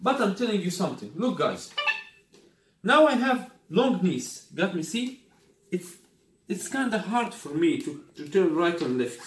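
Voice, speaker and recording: A man's voice: sits high, very animated, a little slow. Man with non-native English in an echoey room. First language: Arabic. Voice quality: non-native English, repeats "you got me?". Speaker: product reviewer. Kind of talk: casual unboxing demo. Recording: echoey room, faint noise.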